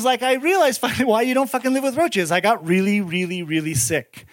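A man with an unusually high voice performs stand-up for a crowd. He tells his story in a profane, excitable way, dropping to low mutters and then breaking into loud shouts. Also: dry recording. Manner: profane, excitable, swinging between muttered asides and shouted bursts. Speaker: stand-up comedian. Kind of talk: stand-up storytelling to a live audience.

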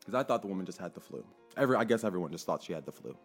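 Animated man telling a story. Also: sits low, rapid-fire, slightly rough, soft background music. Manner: animated, emphatic, swears freely. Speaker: clinic worker telling a story. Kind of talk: casual storytelling monologue.

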